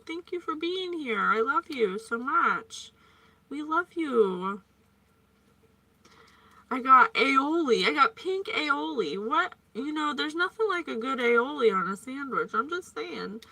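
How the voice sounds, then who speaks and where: A woman with a high, sharp voice gives a chatty, playful psychic reading, often wandering off on tangents. She speaks as a psychic reader in a casual monologue, and the recording has no room sound.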